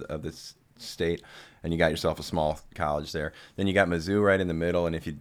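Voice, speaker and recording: A man with a very low voice hosts a casual chat. He talks fast and rambles through stories, laughing often. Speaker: host.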